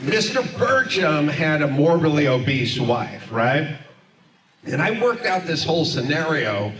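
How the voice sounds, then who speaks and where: Middle-aged man telling a comic story live. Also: fairly high pitch. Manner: animated, rambling storyteller. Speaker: comedy podcast host. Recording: echoey live room, far mic, audience. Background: live audience.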